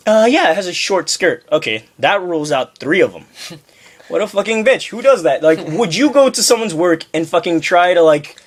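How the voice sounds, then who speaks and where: A young man co-hosts a casual homemade podcast, ranting through a work story full of profanity and imitating the people involved. His voice sits on the high side and is expressive, moving at a moderate pace in this relaxed chat.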